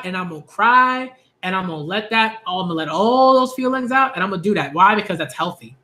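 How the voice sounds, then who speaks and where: A man giving a ranting commentary vlog on manga, animated and exasperated, repeating phrases for emphasis. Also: high-pitched.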